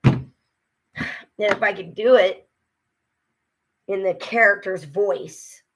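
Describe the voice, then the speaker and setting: A woman's voice: mid-range voice, extremely slow, husky. A tired woman ranting casually to camera, frustrated and swearing as she vents. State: exhausted. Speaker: vlogger. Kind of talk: casual vlog rant.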